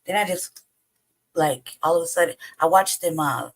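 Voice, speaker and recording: A woman hosting a livestream in a casual, rambling way, hoarse from losing her voice and often pausing to search for words. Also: low voice, low-quality recording. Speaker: host. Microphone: home streaming setup.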